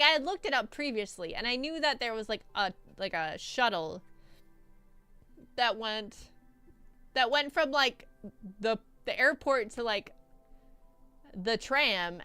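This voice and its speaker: A young woman vtuber telling a rambling, animated story in a casual recap, laughing often. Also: fairly high pitch, smooth, no room sound. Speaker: vtuber streamer.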